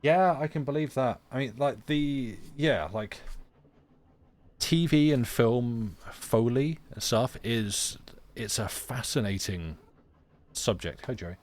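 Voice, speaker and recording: A man's voice: mid-range voice, slow pace, darkish tone. A young man streaming a narrative game, chatting casually and joking with many restarts.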